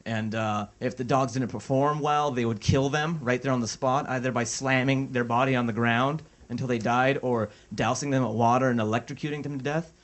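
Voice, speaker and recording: A man's voice: medium pitch, steady tone, fairly quick, hardly any pauses. A man comedian telling a story casually, with a conversational tone. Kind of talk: stand-up bit.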